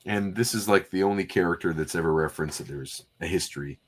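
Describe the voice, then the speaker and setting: Low slow guy reading comics out loud, kinda husky, jokey banter. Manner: slow, joking narration and banter. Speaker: co-host. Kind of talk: casual comic read-through chat.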